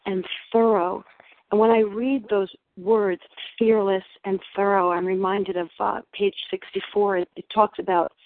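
A woman from South Jersey sharing at a recovery meeting, reading passages aloud and explaining them in a measured way. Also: mid-range voice, dry recording. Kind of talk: personal share at a phone recovery meeting. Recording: tinny dry phone line.

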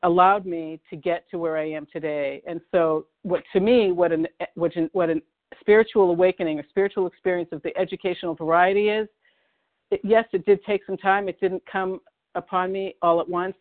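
A woman from the Boston area sharing her recovery story at a meeting, halting and emotional, with many pauses and restarts. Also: fairly low pitch, fairly even intonation. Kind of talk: personal recovery share. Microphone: phone dial-in. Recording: tinny phone line.

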